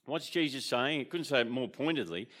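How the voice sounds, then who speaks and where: An Australian man gives a sermon at an ordinary middle pitch. He speaks conversationally and checks in with the congregation as he explains each point, with the odd filler and restart. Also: expressive, a little fast, a bit bright. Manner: conversational, asks the congregation questions. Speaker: pastor.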